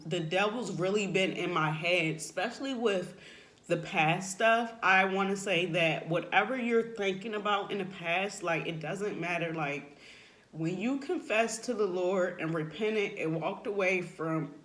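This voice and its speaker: A woman giving a heartfelt, unscripted faith testimony. She speaks earnestly and haltingly, often filling pauses with "like" and "you know," and turns emotional and soft at times. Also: fairly low pitch. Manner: emotional, voice drops softly at times. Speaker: person sharing a faith testimony.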